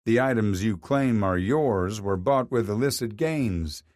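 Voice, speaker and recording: A man doing a calm, dry marshal. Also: on the low side, measured pace, no room sound. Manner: calm, matter-of-fact. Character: calm, dry-humored male federal marshal.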